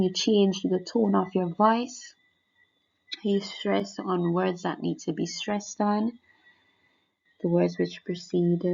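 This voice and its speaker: Woman teacher, slow, gravelly voice, dull lo-fi recording, explains step by step. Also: medium pitch, a little mellow. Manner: explains step by step, repeating key points. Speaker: French teacher. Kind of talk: exam guide lesson. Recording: dull lo-fi sound.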